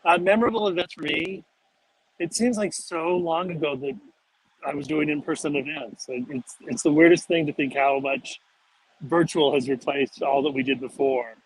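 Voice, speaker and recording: A man co-hosting as bookstore owner, relaxed and reminiscing in casual chat. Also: a little high, moderate pace, slightly rough, poor audio.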